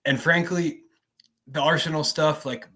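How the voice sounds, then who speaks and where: Low-voiced guy on a football podcast, opinionated, keeps saying right?. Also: fairly even intonation, fairly quick, fairly bright tone. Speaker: podcast co-host. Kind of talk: casual football podcast chat.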